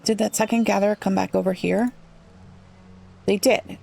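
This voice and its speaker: A woman playing a city-builder game, thinking aloud and puzzling over it, her voice a little rough today. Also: medium pitch, fairly even intonation, normal speed, pauses often, a little mellow. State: slightly rough voice. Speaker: let's play gamer. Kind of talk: relaxed gameplay commentary.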